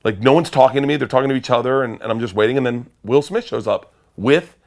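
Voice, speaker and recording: A man in an interview spins a long anecdote with loose, profane energy. He rambles, restarts and laughs at his own story, and his voice sits at an ordinary middle pitch. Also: quick pace, vocal fry. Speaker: guest comedian.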